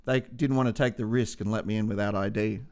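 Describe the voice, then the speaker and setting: A man in his forties co-hosting a casual podcast, laid-back and quick to swear and laugh. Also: fairly low pitch, steady tone, noisy background. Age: 40s. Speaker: podcast co-host. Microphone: studio microphone.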